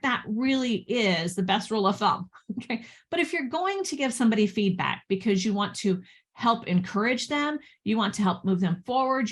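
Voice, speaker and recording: A woman business coach talking casually about communication, chatty, with frequent "right?" and "you know" and laughs between points. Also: a little high. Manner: chatty, lots of fillers and tag questions.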